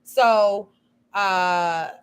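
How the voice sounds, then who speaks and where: A woman's voice: medium pitch, extremely slow, clean tone. A woman chatting casually on a live stream, telling a rambling story full of "you know" and "um".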